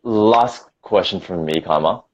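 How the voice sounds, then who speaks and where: A man with an Australian accent hosting an interview, relaxed and encouraging. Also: low voice, measured pace, dull audio. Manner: relaxed, encouraging, laughs easily. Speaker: host. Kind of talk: casual interview chat.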